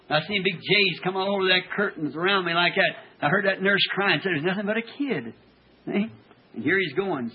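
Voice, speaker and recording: A man preaching a fervent sermon testimony, halting and stammering as he tells his story. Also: sits high, breathy edge. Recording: old tinny archival tape.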